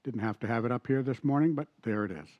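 A middle-aged man preaching a sermon in a church, talking conversationally, asking the congregation questions and reading scripture slowly. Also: mid-range voice, no room sound, highs cut off. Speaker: pastor. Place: church sanctuary.

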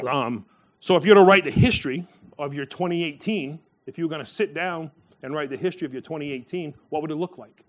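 A man preaching in a relaxed, rambling manner, his voice sitting a little high for a man. He trails through fillers and restarts, then springs up in pitch whenever he acts out someone in a story. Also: fast talker, highs cut off. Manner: acts out quoted voices with a sharp rise in pitch. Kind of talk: sermon.

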